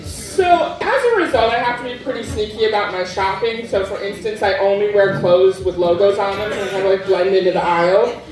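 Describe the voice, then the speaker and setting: A woman's voice: mid-range voice, brisk, hardly any pauses, far from the mic, crowd noise. Woman doing stand-up in an echoey club. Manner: deadpan, crude punchlines. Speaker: stand-up comedian. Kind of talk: stand-up set. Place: club stage before a laughing crowd. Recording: echoey club, mic heard from afar.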